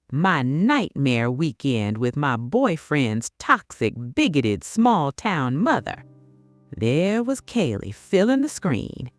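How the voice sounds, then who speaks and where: A woman's voice: low voice, no echo. A middle-aged woman with a Southern US accent, telling a first-person story in a folksy way. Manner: folksy, addresses listener as honey. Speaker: narrator.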